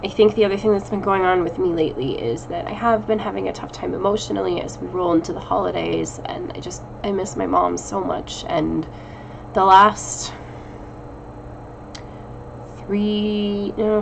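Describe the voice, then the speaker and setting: Speaking in a mid-range voice with vocal fry, a woman in her thirties who vlogs about witchcraft chats casually to her viewers over background noise. Her at-home check-in, captured on a camera mic, is rambling and self-deprecating, and she laughs a lot.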